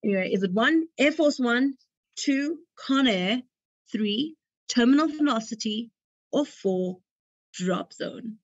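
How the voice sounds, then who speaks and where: A young woman hosts a movie quiz, reading questions and multiple-choice options and chatting lightly between them, joking and laughing at her own jokes. Her somewhat high, expressive voice moves slowly, in a dull, dry lo-fi recording with no room sound.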